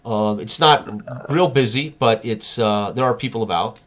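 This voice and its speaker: A man of ordinary pitch runs a tabletop role-playing game. He describes streets and characters at a descriptive, thoughtful pace and often pauses to find the next word. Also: a bit bright. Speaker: game master.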